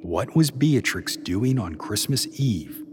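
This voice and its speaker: Expressive male storyteller, lively pitch. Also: background noise. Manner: expressive, measured. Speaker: podcast reader. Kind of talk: storytelling narration.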